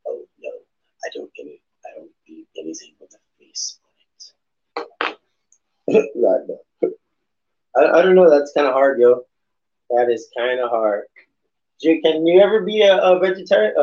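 A man's voice: mid-range voice, mellow, breathy edge. Rambling laid-back male podcast host. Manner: rambling and laid-back, peppered with slang and swearing. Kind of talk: casual morning show chat. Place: home room. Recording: dull lo-fi sound.

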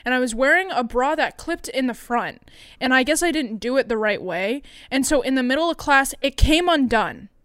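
A woman's voice: high voice, lively intonation, moderate pace, fairly bright tone, smooth, dry recording, studio quality. A young woman co-hosting a podcast, telling stories in casual chat, laughing often and swearing freely. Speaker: podcast co-host.

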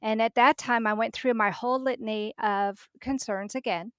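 Middle-aged woman, podcast guest, lively storyteller who plays out conversations, slightly high voice. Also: normal speed, no room sound, studio quality. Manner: vivid storytelling, acting out dialogue.

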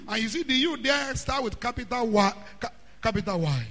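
Man preaching, shouting. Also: very high voice, lively intonation, a crowd in the background. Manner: preaching with shouted outbursts and drawn-out words. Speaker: pastor. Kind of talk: sermon. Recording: hall reverb.

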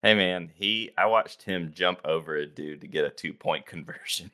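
A man co-hosting a sports podcast, opening the show with energetic jokes and casual banter. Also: deep voice, moderate pace. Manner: energetic, joking, animated intro. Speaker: podcast co-host.

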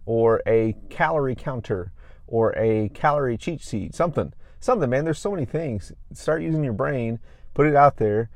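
A man's voice: medium pitch, animated, moderate pace, darkish tone, dry recording. A man talking as a fitness coach, giving tips in an emphatic, repetitive coaching manner. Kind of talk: casual fitness tips monologue.

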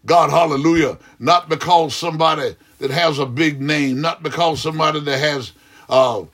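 A man's voice: a little high, moderate pace, a bit bright. A man praying aloud as a pastor, fervent and rhythmic, with frequent "hallelujah" interjections. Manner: repetitive, rhythmic preaching cadence. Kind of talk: extemporaneous prayer.

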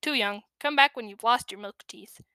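A woman's voice: a little high, normal speed, pushed and bright, clear, resonant tone, dry recording. Woman voicing an ancient dusty fox storyteller. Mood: menacing. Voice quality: dry, dusty voice. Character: ancient eerie fox storyteller made of bones.

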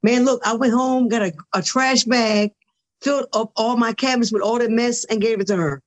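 Animated woman telling her story. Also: on the high side, moderate pace. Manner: animated, acts out quoted dialogue, repeats words when excited. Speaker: podcast guest. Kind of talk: casual interview storytelling.

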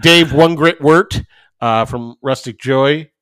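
A man co-hosting a podcast, talking casually at a middle pitch, rambling and swearing as he tells stories. His voice is close and dry, with no room sound. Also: takes it slowly, a bit bright, smooth, dry recording. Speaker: podcast co-host. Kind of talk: casual chat.

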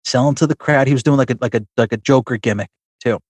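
In a casual podcast conversation about wrestling figures, a male co-host spins a lengthy story, restarting often and leaning on fillers. He talks fast at medium pitch with a darkish tone, and there's no room sound.

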